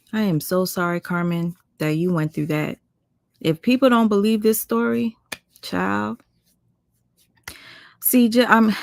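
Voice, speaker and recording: A woman with a gravelly edge to her voice comments live on stream. She reads viewer comments aloud and adds sympathetic asides. The sound is dry and close. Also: lowish voice, no room sound.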